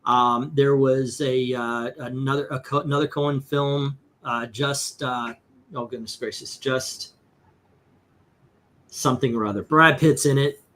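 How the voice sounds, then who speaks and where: Comics host, man, bright tense voice, loose rambling chatter, swears often. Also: mid-range voice, fairly even intonation, unhurried. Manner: rambling, profane, lots of fillers. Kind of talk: casual livestream chat.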